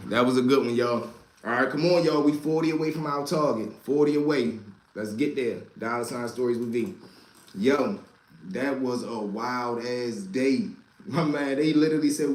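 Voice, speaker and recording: A man telling street stories to a live chat, animated and profane, talking straight to his listeners as y'all. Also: medium pitch, normal speed, echoey room. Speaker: storyteller and stream host.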